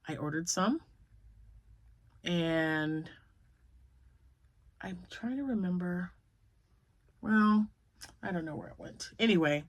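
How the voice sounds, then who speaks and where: Laughing often, a grandmother in her fifties rambles and tells stories as she chats casually to viewers of her crochet vlog. Her lowish voice carries a fairly bright tone, with no room sound.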